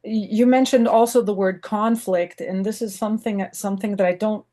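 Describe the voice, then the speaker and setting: On a video call during an online Q&A, a woman from the United States asks a long, rambling question as an audience member. She sounds enthusiastic and uses lots of fillers, her medium-pitched voice dark in tone, steady, and moderately paced.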